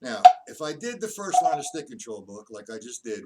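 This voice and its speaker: A man teaching a casual drum lesson. He explains stick patterns, counts the beats out loud, and keeps correcting himself. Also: medium pitch, sing-song, fairly quick. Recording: distant mic with loud drum noise.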